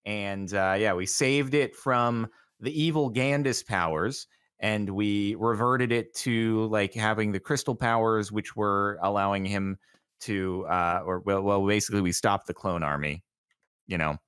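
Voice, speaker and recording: A man's voice: fairly low pitch, fairly even intonation, unhurried, fairly bright tone, smooth. A man in a game role-play, rambling as he recaps, with many fillers and restarts.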